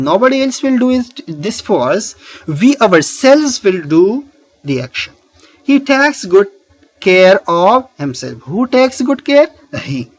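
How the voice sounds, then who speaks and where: A man with a high, sing-song voice explains grammar step by step, asking questions and answering them himself. His recording sounds a little muffled and lo-fi, with frequent "uh" as he finds his words. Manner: frequent filler "uh" while explaining. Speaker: teacher.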